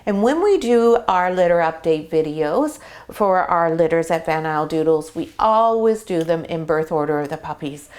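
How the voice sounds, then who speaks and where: Middle-aged lady breeder chatting through puppy care, kinda low voice, explains everything step by step. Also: animated, moderate pace, a little mellow. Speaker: dog breeder. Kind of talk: casual explainer video. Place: whelping box indoors.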